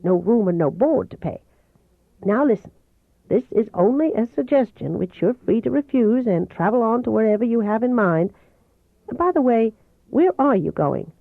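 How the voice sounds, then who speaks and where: A gentle, persuasive male doctor with a soft, melodious voice and a slight Southern accent, as a woman reads him aloud. He coaxes and teases calmly. The recording sounds dull and dry. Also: a little high, normal speed, gravelly, no room sound, pitched above the performer's own voice. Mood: coaxing. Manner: calm, coaxing, gently teasing.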